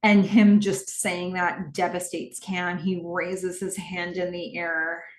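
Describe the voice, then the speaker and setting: A woman's voice: fairly low pitch, little pitch movement, slow, reverberant, slight background noise. A woman hosting a podcast, recapping a TV episode scene by scene in the present tense and voicing the characters' lines as she goes. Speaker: podcast host.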